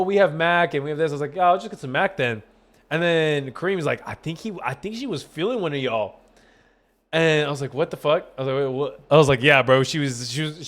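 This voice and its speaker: A young gaming streamer with a somewhat high-pitched voice rambles through a long story for his chat, speaking into a desk mic at his home setup. He swears freely and acts out every quoted line with animated energy.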